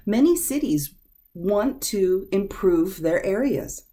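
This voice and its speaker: A woman teaching a vocabulary lesson, sounding out words slowly and carefully. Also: lowish voice, lively intonation, warm tone. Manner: slow, careful over-enunciation of words.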